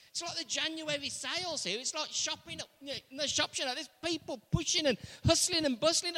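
A man's voice: very high voice, fast talker, few pauses, pushed and bright. A man preaching a sermon, retelling a story with emphatic repetition. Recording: long reverb of a large hall.

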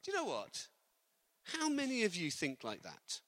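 A man preaching a sermon, lively and building to loud, emphatic delivery. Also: high-pitched, normal speed, no echo.

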